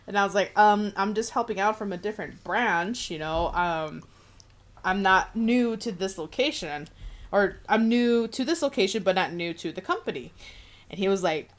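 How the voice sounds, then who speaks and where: A woman's voice: mid-range voice, moderate pace. Profane young woman telling a story. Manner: profane, laughing, animated retelling. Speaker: podcast co-host. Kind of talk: casual storytelling chat.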